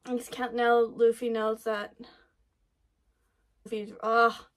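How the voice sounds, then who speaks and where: A woman hosting an anime reaction, talking excitedly over what she watches, gasping, laughing and swearing. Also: a little high, slow pace. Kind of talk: live reaction commentary.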